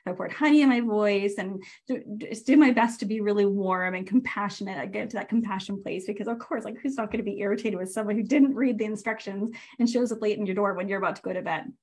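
A woman podcast host and coach giving a casual live training, chatty and animated, with lots of fillers, self-corrections and frequent laughs. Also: mid-range voice, fast talker, few pauses.

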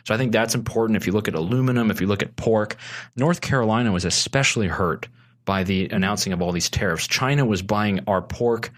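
A man's voice: on the low side, fast talker. A man speaking as a guest on a casual podcast, earnestly explaining policy at length with frequent restarts.

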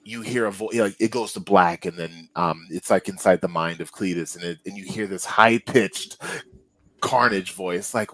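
A man co-hosting a casual movie review podcast, rambling with many fillers and restarts, and getting animated when he is annoyed. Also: on the low side, moderate pace, no room sound. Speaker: podcast co-host.

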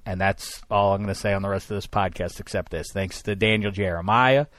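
A man hosting a casual sports podcast, animated and given to loud rants. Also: low-pitched, brisk, no echo. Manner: animated, rants loudly when worked up. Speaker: podcast host.

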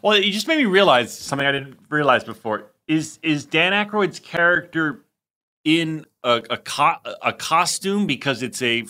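A man co-hosting a podcast in casual chat, quick and chatty. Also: fairly high pitch, animated, sharp tone. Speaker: podcast co-host.

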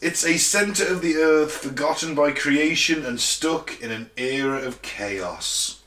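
Co-hosting a laid-back podcast, this British man speaks at a measured pace in a slightly high, fairly bright voice. His banter is sweary and full of jokes and laughter as he lists listeners' locations and spins a story, all in an echoey room.

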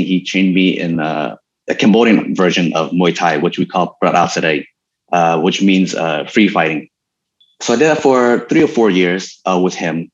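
A man being interviewed about his martial arts life, telling stories in a relaxed, rambling way with many fillers. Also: sits low, highs cut off. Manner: relaxed storytelling with many fillers and frequent laughs. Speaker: guest, stuntman and martial artist. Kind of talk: casual interview conversation.

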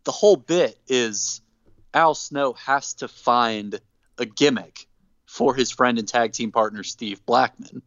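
A man on a podcast, casually retelling a story with animated, acted-out quotes. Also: medium pitch, slow pace, no room sound. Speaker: podcast co-host. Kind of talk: casual chat, recapping wrestling. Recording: dull dry close mic.

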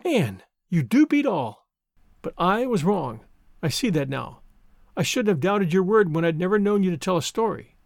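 A strict, no-nonsense older spinster in a storybook, brisk and scolding, as a man reading aloud puts her on. The voice is high and lively, recorded dry and close. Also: gravelly, dry recording, heavily acted. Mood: contrite.

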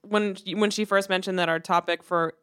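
A woman's voice: medium pitch, fairly even intonation, normal speed, fairly bright tone, clear, resonant tone. Young woman cohost, mid voice, chatty, laughs a lot. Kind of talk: casual chat.

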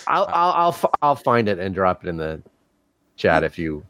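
A man's voice: low-pitched, very animated, normal speed, a bit bright, no room sound. A man co-hosting a casual chat who repeats his words and dodges a request. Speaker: podcast co-host.

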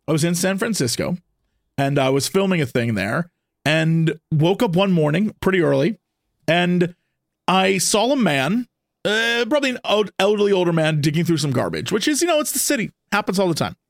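A man's voice: high-pitched, moderate pace, creaky, no room sound, clean studio sound. A man guesting on a podcast, telling stories in casual chat and acting out quotes with a raised voice. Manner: animated, acts out quotes with raised voice.

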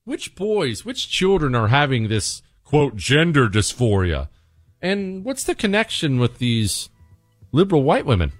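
A man's voice: mid-range voice, very animated, unhurried, no room sound, studio quality, faint music behind. A man hosting a talk radio show, talking in a brash, sarcastic, opinionated way and joking with his producer. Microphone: studio microphone.

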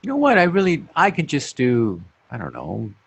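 A playful man co-hosts a podcast from home and drops into goofy announcer bits. His voice is husky and gravelly. His pitch rises and falls a lot as he talks. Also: huge pitch swings, moderate pace, dry recording, muffled recording. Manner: playful, mock announcer delivery. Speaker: podcast co-host. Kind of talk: casual podcast chat.

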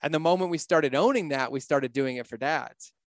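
A man's voice: a little high, brisk, dry recording. A man in his thirties, a business coach and guest on a podcast, talking in a blunt, candid way and swearing freely. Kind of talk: casual podcast conversation.

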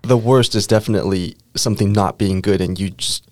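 A man from Taiwan, hosting a podcast and briskly explaining English phrases while interviewing a guest. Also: lowish voice, steady tone, dry recording. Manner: brisk, explanatory, acts out quotes. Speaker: podcast host and English teacher.

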